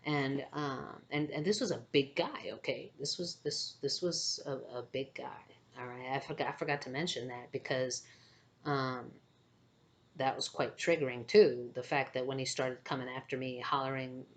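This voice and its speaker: Low-voiced woman telling a spiritual story. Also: steady tone, normal speed. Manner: hesitant, many fillers, keeps asking "okay?". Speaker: spiritual channeler and empath.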